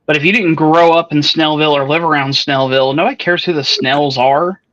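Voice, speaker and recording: A man from the Atlanta area, chatting in a casual book club with animated, restart-filled storytelling. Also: on the high side, brisk, highs cut off. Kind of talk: casual livestream book chat.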